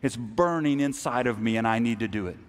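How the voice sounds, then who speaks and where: A man in the middle pitch range preaching a conversational sermon during a church service. He talks casually and haltingly, often restarting and slipping into acted-out asides. His voice carries a long hall reverb. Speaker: pastor.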